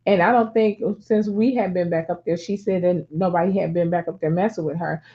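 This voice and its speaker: A middle-aged woman in casual chat, telling a family story with lively acted-out voices. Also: fairly low pitch, a little fast. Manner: animated storyteller acting out voices. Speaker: talk show co-host. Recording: dull lo-fi sound.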